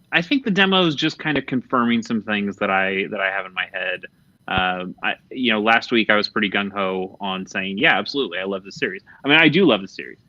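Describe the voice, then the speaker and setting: A man with a lowish, bright, forceful voice chats casually as a podcast host. He talks candidly, swears freely and often trails off mid-thought. The sound is dry and a little dull, like lo-fi podcast audio. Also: lively intonation, normal speed, dry recording. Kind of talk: casual chat about video games.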